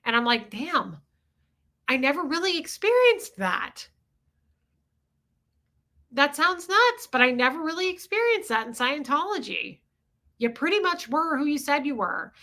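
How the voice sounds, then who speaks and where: With a high, bright, forceful voice, a forties-aged woman runs a livestream and welcomes people in the chat. Her talk is open and confessional, sprinkled with casual swearing.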